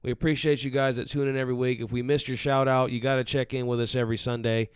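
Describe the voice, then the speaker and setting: A man hosting a postgame fan chat, steady and upbeat as he plugs the show. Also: mid-range voice, fast talker, smooth, no room sound, clean studio sound. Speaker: host.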